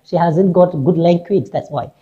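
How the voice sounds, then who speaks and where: A woman's voice: fairly low pitch, moderate pace, mellow, husky. A woman English teacher talking through a play, who repeats lines and checks in with "right?", on a dull lo-fi recording. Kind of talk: explaining a play in class.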